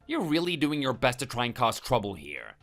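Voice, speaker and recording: Brief: male text-to-speech voice as a bullying husband, very swooping pitch, defensive and scornful. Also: wildly swooping pitch, fairly quick, a bit bright, soft background music. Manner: defensive and contemptuous. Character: hot-tempered, threatening adult husband. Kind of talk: text-message story voice-over.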